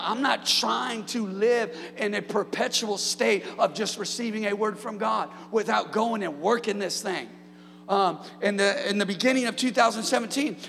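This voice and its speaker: A man in his thirties preaching a sermon in a church, calling out to the congregation and building up to shouts. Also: extremely high pitch, creaky, long reverb tail, slight background noise. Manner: call-and-response preaching, rising to shouts. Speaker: pastor. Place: church sanctuary.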